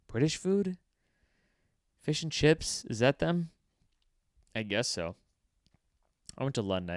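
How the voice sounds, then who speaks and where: A man's voice: on the low side, clean tone, no room sound, studio quality. A man hosting his comedy podcast, rambling through a profane, offhand solo monologue. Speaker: podcast host.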